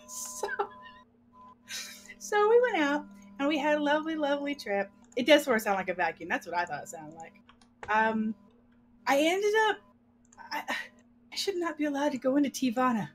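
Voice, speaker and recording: A middle-aged woman telling a long, animated story in casual chat, laughing and acting out what people said. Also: high-pitched, brisk. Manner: animated, laughing, acts out quotes. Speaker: podcast co-host.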